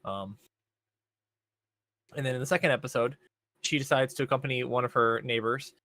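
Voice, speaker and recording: A young man chats casually on a podcast, recapping a show in a loose, rambling way. His voice sits at an ordinary middle pitch, and he fills his pauses with ums and likes. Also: fairly even intonation, sharp tone, no room sound. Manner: laid-back, rambling recap with many fillers. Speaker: podcast co-host. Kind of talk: casual chat.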